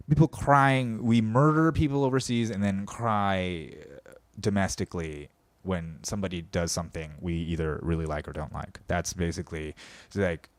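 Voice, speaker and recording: On a dry recording, a low-voiced man hosting a podcast launches into a profane, sarcastic political comedy rant, ridiculing people as he goes.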